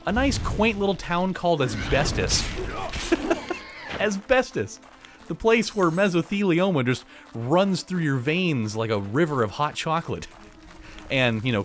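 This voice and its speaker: A gaming channel host with a mid-range, slightly bright voice jokes around casually while playing a video game. His let's play commentary rambles, and he laughs at his own lines.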